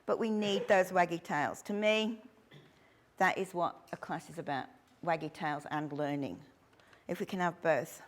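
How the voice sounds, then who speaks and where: A woman's voice: on the low side, a little slow. A middle-aged woman giving a chatty workshop talk to dog training instructors. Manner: chatty, animated, acts out little quotes.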